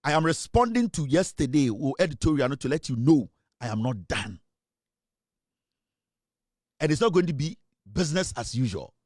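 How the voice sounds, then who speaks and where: A man's voice: fairly high pitch, very animated, normal speed, pauses often, darkish tone, no echo, clean studio sound. A man hosting a live talk show, delivering repetitive, threatening accusations. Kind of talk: heated live commentary.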